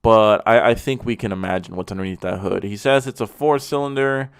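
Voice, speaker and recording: A man's voice: lowish voice, fairly quick, smooth, no echo, clean studio sound. A young man hosting a car review, talking with blunt, profane, mocking sarcasm. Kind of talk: profane comedic car commentary.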